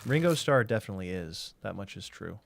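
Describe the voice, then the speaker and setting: Low-voiced man rambling on a stream. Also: expressive, fairly quick, vocal fry, slight background noise. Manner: rambling, thinking aloud, answering chat. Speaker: game streamer. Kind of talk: casual live-stream chat.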